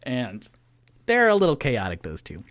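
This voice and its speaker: A man narrating as the game master of a tabletop game, describing scenes in a relaxed, casual way. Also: medium pitch, moderate pace. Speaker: game master and solo player.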